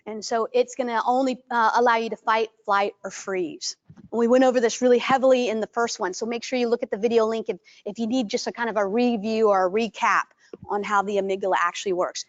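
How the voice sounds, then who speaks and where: A high-pitched woman teaches a workshop audience, animated and lively in delivery. She keeps checking whether the room is following her. The recording sounds dull and lo-fi. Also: a little fast. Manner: animated, acts out greetings in a bright voice; asks the audience frequent check-in questions. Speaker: trainer. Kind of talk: live workshop presentation.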